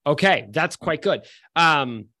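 Brief: male game master, casual, quick table calls. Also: fairly high pitch, expressive, pushed and bright.

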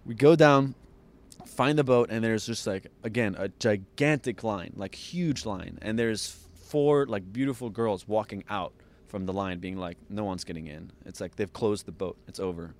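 A man's voice: on the low side, moderate pace. A man guest on a podcast, telling a long story with laughs and acted-out dialogue. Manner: lively, laughs often, acts out others' lines. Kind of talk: animated storytelling.

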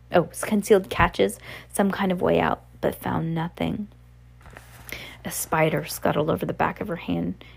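A woman reads a novel aloud in a relaxed, unpolished way, stumbling and correcting herself now and then. Her voice is low and gravelly with a flat, level delivery. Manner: relaxed, with slips and self-corrections. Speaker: reader.

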